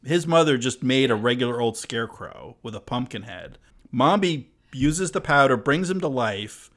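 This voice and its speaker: Casting: a relaxed man podcast co-host, agreeable, medium pitch. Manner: easygoing, agreeable, quick to laugh. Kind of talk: casual film discussion.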